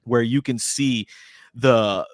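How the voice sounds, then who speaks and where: A man co-hosting a casual podcast, lively and expressive, with a medium-pitched voice. He often jumps into exaggerated voices for quotes. The sound is close and dry, with no room in it. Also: slow pace, no echo. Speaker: podcast co-host. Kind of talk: casual movie breakdown chat.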